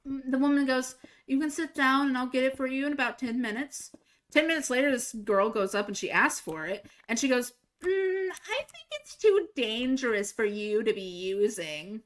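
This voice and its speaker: Animated young woman streamer telling stories. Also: high voice, moderate pace. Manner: animated, swearing, laughing, acting out quotes. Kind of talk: casual storytelling while gaming.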